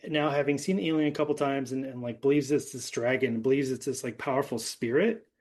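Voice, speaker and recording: A man's voice: mid-range voice, darkish tone. A man hosting a podcast, recapping a film in a loose, rambling way with lots of fillers. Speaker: podcast host. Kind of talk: casual movie discussion.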